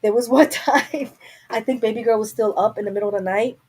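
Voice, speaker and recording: A young adult woman hosts a casual live chat from home through a webcam mic, rambling candidly to her viewers and talking to herself. Her voice is on the high side with a darkish tone, and she speaks fairly quickly. The rough recording has slight background noise.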